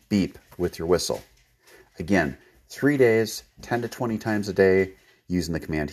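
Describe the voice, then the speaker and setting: A man's voice: deep voice, moderate pace. A man hosting a podcast, giving practical, folksy dog-training tips. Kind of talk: training tip segment.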